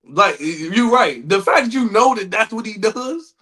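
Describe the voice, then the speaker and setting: Bright, lively high-voiced man. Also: normal speed. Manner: laughing, loose slang, lively reactions. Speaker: podcast co-host. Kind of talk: casual podcast banter.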